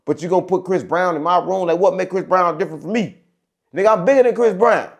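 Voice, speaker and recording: A man's voice: high-pitched, quick pace, creaky. A man hosting his own show, telling a rambling story in a casual monologue and checking in with his audience as he goes. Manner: rambling, repeats "right?" and "gang", animated. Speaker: show host.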